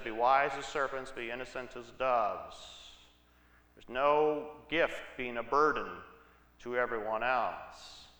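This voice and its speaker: A man's voice: medium pitch, sharp tone. A man preaching a sermon, telling Bible stories in a conversational way with asides to the congregation. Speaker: pastor. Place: church sanctuary. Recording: echoey church hall.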